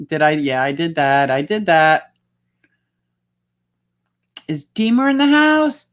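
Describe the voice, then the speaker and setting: A woman hosting a casual livestream, chatting and reading out viewer comments. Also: low-pitched. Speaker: livestream host.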